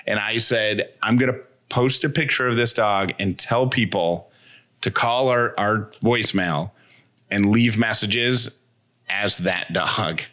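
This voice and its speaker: A man's voice: fairly low pitch, slow, sharp tone. A man co-hosting a podcast in casual, rambling, playful chat. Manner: rambling, playful, self-deprecating. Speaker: podcast co-host.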